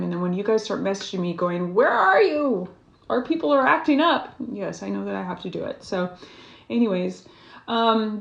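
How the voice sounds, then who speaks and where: A woman's voice: medium pitch, gravelly, lo-fi sound. A middle-aged woman hosting a casual vlog, frank and heated, swearing freely and rambling through asides. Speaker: numerology and tarot channel host. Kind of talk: casual vlog talk to viewers. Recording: echoey room.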